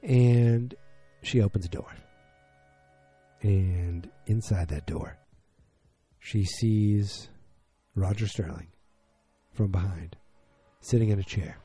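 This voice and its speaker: A man's voice: lowish voice, takes it slowly, long pauses, mellow, husky, faint music behind. A man hosting a podcast from his home basement, recapping an episode casually with lots of fillers and restarts. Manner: rambling, many fillers and restarts. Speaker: podcast host.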